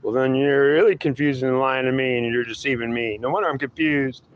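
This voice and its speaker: A man voicing a frustrated, weepy man who has long searched for god, whiny and defensive, pitched above his usual voice, in an improvised two-voice monologue. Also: steady tone, a little fast, natural voice.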